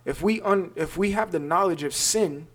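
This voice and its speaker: A man giving a Bible lesson. He talks emphatically, repeats himself, slows down to stress key words and keeps checking in with "all right?". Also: high voice, a bit bright. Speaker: Bible teacher. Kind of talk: scripture lesson.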